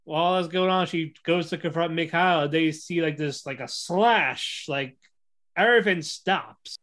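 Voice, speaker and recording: A man casually recapping an anime episode, excitable, acting out the characters' lines and laughing often. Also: on the high side, a little slow. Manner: excitable storytelling, acts out quotes, laughs often. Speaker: podcast co-host reviewing an anime. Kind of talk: casual chat.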